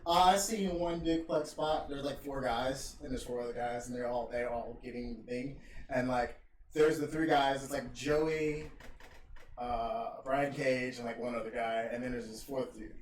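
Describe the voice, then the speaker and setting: A man's voice: mid-range voice, fairly even intonation, moderate pace. A man hosting a casual podcast chat, telling stories with plenty of laughs and cursing. His voice sits in the middle range and sounds roomy and a bit distant. There is faint background noise. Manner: laughing, swearing storyteller. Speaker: podcast host.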